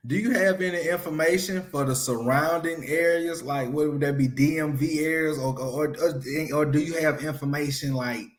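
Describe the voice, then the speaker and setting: A man's voice: a little high, normal speed, hardly any pauses. A man from Alabama with a Southern accent, hosting a casual interview in an easygoing way and often repeating his words. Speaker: interview host.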